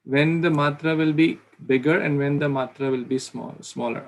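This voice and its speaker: A man's voice: a little high, fairly even intonation, moderate pace, vocal fry, hardly any pauses, lo-fi sound, a little hiss or hum. A man teaching pronunciation in an online class, patiently repeating sounds to demonstrate them. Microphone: video call.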